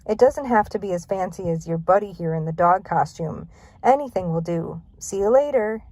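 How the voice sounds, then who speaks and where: A woman voicing a pompous, tall male auction host who speaks slowly. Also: lowish voice, lively intonation, a little mellow, no room sound.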